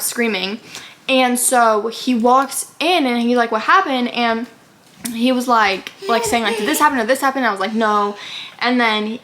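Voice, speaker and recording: Telling her story casually on a vlog, a young woman speaks in a fairly high, sharp voice over a faint hiss or hum. She rambles, drops "like" often, and dramatizes what others said.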